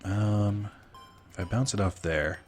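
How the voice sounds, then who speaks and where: Low-voiced, swearing gamer guy. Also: steady tone, takes it slowly, soft background music. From Minnesota. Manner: profane, laughing, chatting with viewers. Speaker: let's play streamer. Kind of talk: casual gameplay commentary.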